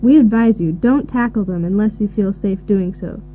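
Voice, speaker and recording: A woman giving measured, informative answers in a scripted listening recording. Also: medium pitch, dark tone. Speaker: expert answering questions. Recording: tinny phone-like audio with faint hiss.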